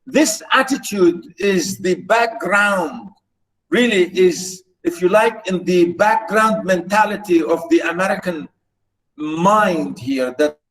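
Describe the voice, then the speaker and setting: Male lecturer, high voice, repetitive, restarts phrases, explanatory. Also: animated, slow pace, fairly bright tone, distant mic, low-quality recording. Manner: stresses British pronunciation. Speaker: literature lecturer.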